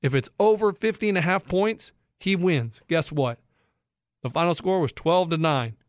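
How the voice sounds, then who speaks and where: A man hosting sports talk, animated and incredulous as he explains bets to listeners. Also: fairly high pitch, normal speed, dry recording, clean studio sound. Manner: excitable, incredulous, explains for non-bettors. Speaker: sports radio host.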